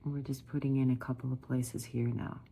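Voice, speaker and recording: A middle-aged woman chatting warmly through a step-by-step watercolor painting lesson, often calling her viewers "guys". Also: very deep voice, level tone, fairly quick, vocal fry, slightly rough. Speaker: watercolor art teacher.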